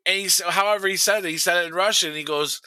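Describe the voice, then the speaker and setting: Bright, dry-voiced man telling a story. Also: high voice, fast, clean tone, no echo, poor audio. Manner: laughs through his own stories, rambling restarts. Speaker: podcast co-host. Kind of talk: casual chat, storytelling.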